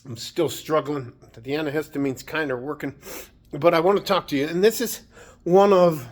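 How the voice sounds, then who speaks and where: A middle-aged man, an army veteran, talking casually to camera at home, halting and rambling, foggy from medication, swearing now and then. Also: fairly high pitch. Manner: rambling, halting, swears, loses his train of thought. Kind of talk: emotional casual talk to camera. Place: at home indoors.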